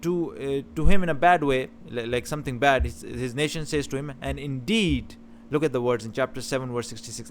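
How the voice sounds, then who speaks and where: A man's voice: mid-range voice, normal speed, few pauses, slight background noise. A man teaching about scripture in a talk, stressing key words with emphasis and often restarting his phrases. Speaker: religious teacher.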